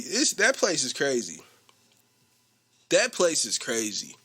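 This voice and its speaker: A young man telling a story in a casual podcast rant, animated and slangy, laughing often. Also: takes it slowly, slightly rough. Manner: animated, slangy, mimics coworkers with a low voice. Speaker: podcast host.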